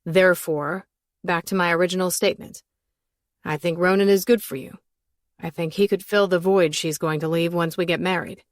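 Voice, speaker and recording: A smug, ambitious young man, blunt and flat in his delivery, as a woman reading an audiobook voices him. He speaks low and matter-of-fact, and the recording is dry and close. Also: moderate pace, no room sound, natural voice. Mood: insistent.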